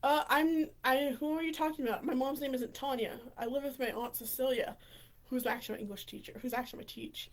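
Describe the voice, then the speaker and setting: A woman's voice: high voice, steady tone, a little fast, natural voice. A woman doing a mumbling, confused punk boy.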